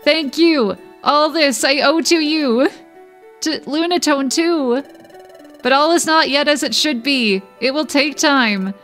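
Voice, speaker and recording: A woman reading the lines of an ancient time-ruling dragon, solemn and remorseful, aloud at a slow pace. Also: high-pitched, fairly bright tone, faint music behind. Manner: reads game dialogue aloud slowly.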